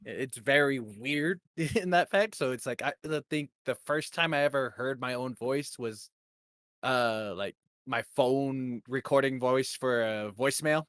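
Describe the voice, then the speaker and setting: Man, halting casual speech, mid pitch, dry close sound. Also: a bit bright, no room sound. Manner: halting, with restarts and laughs. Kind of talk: casual podcast chat.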